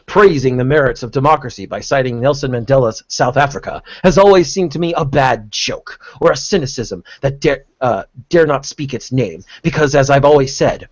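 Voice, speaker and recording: A man's voice: mid-range voice, moderate pace, hardly any pauses, dry recording, dull audio. A man reading an article aloud on a podcast, breaking off for sarcastic comments. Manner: sarcastic, stops to comment and laugh. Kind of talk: reading aloud with mocking asides.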